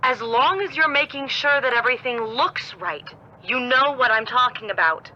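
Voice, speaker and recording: A woman's voice: high voice, expressive, moderate pace, bright, forceful tone, dull audio, a little hiss or hum. An actress voicing a scornful adult woman rival storm chaser in a video game, sarcastic and scolding.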